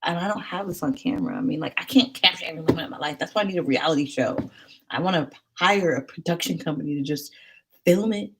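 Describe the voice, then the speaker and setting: A young woman vlogger telling a casual, rambling story to camera, animated and jumping into high excited squeals. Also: fast talker, noisy background.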